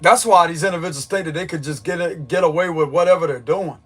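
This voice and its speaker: Talking fast with a breathy edge to his fairly high voice, this man gives an emphatic tarot reading. He is blunt and insistent, going over his points again and again with audible strain.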